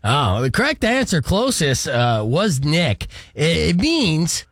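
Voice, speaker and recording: A man's voice: fairly high pitch, wildly swooping pitch, takes it slowly, fairly bright tone, no room sound, studio quality. A man hosting a radio show, quizzing his co-hosts in a playful, laughing way. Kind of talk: casual radio banter, quiz game.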